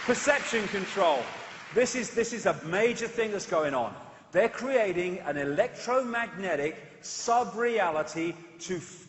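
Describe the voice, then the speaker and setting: A man giving an impassioned speech to an audience, urging and at times shouting. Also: high voice. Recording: echoey hall with long reverb.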